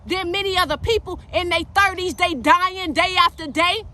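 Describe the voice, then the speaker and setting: A woman's voice: extremely high pitch, steady tone, moderate pace, bright, forceful tone. A woman preaching with fire, emphatic and direct, calling her listeners baby. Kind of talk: fiery preaching monologue.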